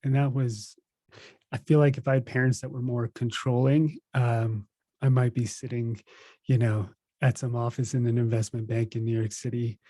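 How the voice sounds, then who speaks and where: Man in his thirties, mellow storyteller. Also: mid-range voice, normal speed, no echo. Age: 30s. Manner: relaxed storytelling, laughs at himself. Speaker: podcast guest, meditation teacher. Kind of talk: casual interview chat.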